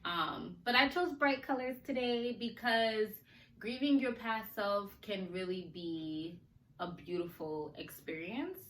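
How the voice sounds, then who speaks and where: A woman hosting a casual podcast, chatty and animated, laughing often and talking to listeners in slang, her speech a little slurred from a sore mouth. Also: medium pitch, slow. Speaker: podcast host. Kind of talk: casual chat. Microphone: recorded on video for a podcast. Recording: roomy echo, faint ambience.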